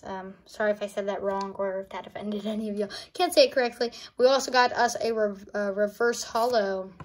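A woman opening trading cards for a casual vlog, excitable and gasping, often calling out to her viewers, recorded on a phone. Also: medium pitch. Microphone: phone on a charger.

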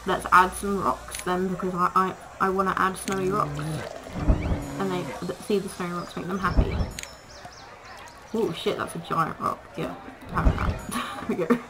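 A woman's voice: fairly low pitch, little pitch movement, moderate pace. Chatty woman playing a game. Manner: chatty, talks to the animals, laughs often. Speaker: gaming video creator. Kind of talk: casual gameplay commentary. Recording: noisy home recording.

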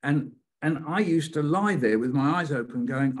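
A man's voice: mid-range voice, animated, fairly quick, hardly any pauses, slightly rough. An older British man leading a poetry workshop, telling childhood stories playfully and repeating phrases in rhythm. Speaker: poet leading a writing workshop. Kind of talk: storytelling poetry lesson.

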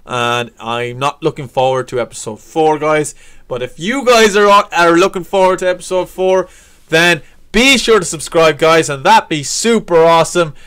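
A man's voice: on the high side, normal speed, fairly bright tone, clean tone. A young man giving let's play commentary on a horror game, swearing and yelping whenever he gets scared. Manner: frantic, swearing, yelps when scared. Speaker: gaming YouTuber. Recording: game music playing underneath. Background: game music.

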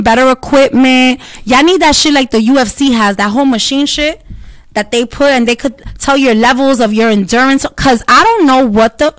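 A woman telling a story in blunt, profane, animated casual talk, with Spanish words dropped in. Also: sits high, no echo.

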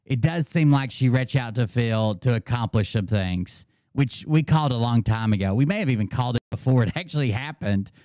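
Male host, mid-pitched, rambling and sarcastic, close-miked, no room sound. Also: animated, fairly quick, few pauses, warm tone, no echo. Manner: rambling, mocking, laughs often. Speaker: host reacting to clips. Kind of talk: casual commentary.

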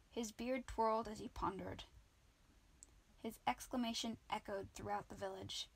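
A woman narrating a children's book in an amateur audiobook, reading lively. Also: mid-range voice, moderate pace, breathy edge. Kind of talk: children's book read-aloud.

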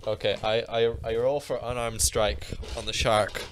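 A man takes his turns in a tabletop game, calling out rolls in short, casual lines. His voice sits at an ordinary pitch, with a faint hiss under it. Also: level tone, moderate pace. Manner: casual, brief. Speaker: player.

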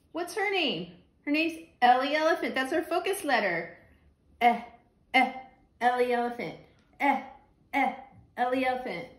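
Slow, high-voiced woman teaching phonics. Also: reverberant. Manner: slow and patient, repeating letter sounds. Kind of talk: phonics lesson for young children.

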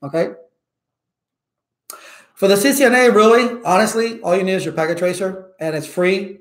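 A man who teaches IT certifications, giving viewers loud, emphatic advice in a casual way and often checking in with "okay?". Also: high-pitched, moderate pace, roomy sound. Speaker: IT certification instructor.

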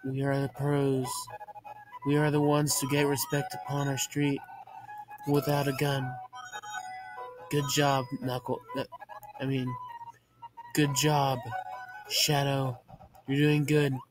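A man giving profane, deadpan muttered commentary while playing a video game, framed as a mock ASMR video. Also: medium pitch, slow pace, pauses often, over music. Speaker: gaming channel host.

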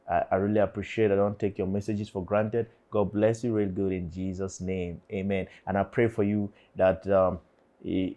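A man's voice: on the low side, mellow. A man in his forties preaching to teenagers, fervent and prayerful. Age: 40s. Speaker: youth pastor. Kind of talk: sermon.

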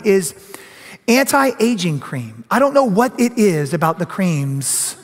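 A middle-aged man preaching a sermon as pastor, animated and often acting out other people's voices. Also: high voice, big-room sound. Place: church sanctuary.

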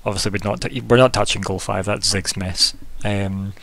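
Man, game master, gravelly, relaxed, chatty recap of a tabletop session. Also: lowish voice, moderate pace, dry recording. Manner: relaxed, chatty, laughs often.

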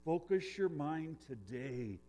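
A man preaching a sermon in a church, earnest, swinging between loud emphasis and hushed lines. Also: a little high, big pitch swings, slow pace, muffled recording, a little hiss or hum. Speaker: pastor.

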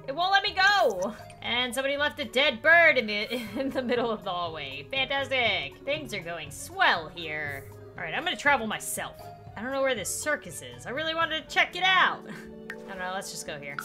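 A young woman giving casual gameplay commentary, excitable, with quick exclamations and laughter. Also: on the high side, faint music behind. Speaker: gaming YouTuber.

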